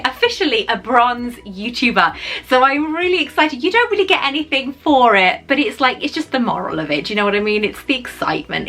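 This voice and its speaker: A woman's voice: fairly high pitch, bright, forceful tone, rough recording. A young woman vlogging casually, chatty and effusive, with frequent fillers and laughs. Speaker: YouTuber. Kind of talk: casual vlog chat.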